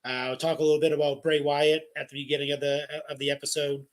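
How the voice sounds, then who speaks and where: Man, podcast co-host, casual chat, fairly high pitch, playful, laughs often. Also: level tone, fast.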